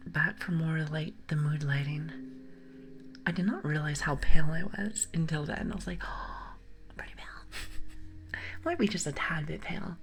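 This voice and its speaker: A young woman streaming ASMR, chatting and giggling with her viewers in a soft, often whispered voice on a close mic. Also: low-pitched, normal speed. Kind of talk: whispered ASMR livestream chat.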